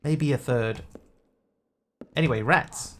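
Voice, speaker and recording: A man's voice: medium pitch, takes it slowly, a little hiss or hum. A man streaming a game, rambling and talking to himself as he plays. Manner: rambling, talks to himself while playing. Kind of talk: casual gameplay commentary.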